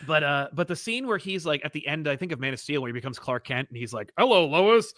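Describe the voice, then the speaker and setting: A man hosts a casual comics chat, his fairly high voice lively and bright. He restarts sentences often and slips into quick character bits for quotes. The sound is close and dry. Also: no echo. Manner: animated, restarts often, acts out quoted lines. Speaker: podcast host.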